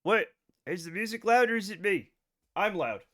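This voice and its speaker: This American streamer hosts a casual game stream from home, scattered and rambling, with self-mocking humor. He speaks at a moderate pace in a high, pushed, bright voice with lively intonation.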